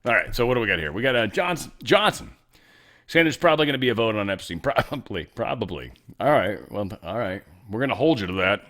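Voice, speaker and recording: A man hosting a news commentary show, in animated, jokey talk that swings between loud remarks and soft asides. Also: fairly low pitch, racing, few pauses. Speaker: show host.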